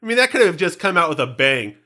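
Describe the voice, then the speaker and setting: A man's voice: on the high side, fast talker. A man hosting a fan podcast, chatting casually and teasing his co-host with jokes. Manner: joking, teasing, animated.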